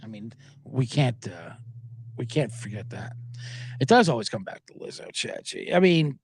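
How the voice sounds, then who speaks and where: A man's voice: mid-range voice, sing-song, normal speed, slightly rough, no echo, clean studio sound. A man hosting a sports betting podcast, riffing sarcastically and profanely while reading viewer comments aloud.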